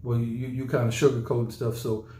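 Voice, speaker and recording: A man's voice: mid-range voice, little pitch movement, fast, dark tone, a little hiss or hum. A man hosting a podcast in casual chat, rambling and emphatic, often repeating his words. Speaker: podcast host. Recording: roomy echo.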